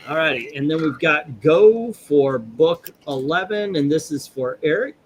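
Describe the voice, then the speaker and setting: A man's voice: on the high side, expressive, a little slow, a little hiss or hum. A man co-hosting a live stream, presenting comic covers in an easygoing, musing way. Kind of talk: casual live-stream chat.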